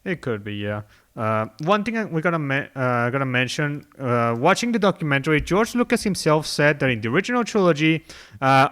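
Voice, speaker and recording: Bright, clear-voiced man hosting a podcast. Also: mid-range voice. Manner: chuckling, loose, with many restarts. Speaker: podcast host. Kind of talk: casual podcast discussion.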